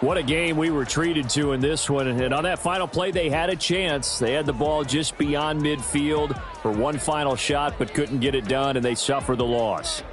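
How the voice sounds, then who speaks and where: A man calling plays as a football announcer, brisk and punchy, recorded for a video game. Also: on the high side, music in the background. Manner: brisk, punchy play calls. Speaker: play-by-play announcer. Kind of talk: scripted sports commentary for a football video game.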